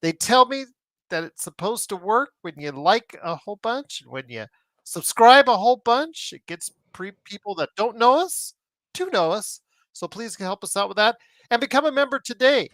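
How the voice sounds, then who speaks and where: A man's voice: high-pitched, very animated, moderate pace, a bit bright, no echo. A man hosting a sports podcast, talking in a chatty, rambling way. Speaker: podcast host. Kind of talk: casual sports podcast talk.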